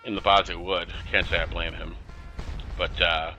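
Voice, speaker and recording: A man's voice: deep voice, flat delivery, normal speed, bright, forceful tone, dull audio, faint music behind. A man giving casual, chatty commentary on a strategy game he is playing, with exasperated, sarcastic asides. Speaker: gameplay commentator.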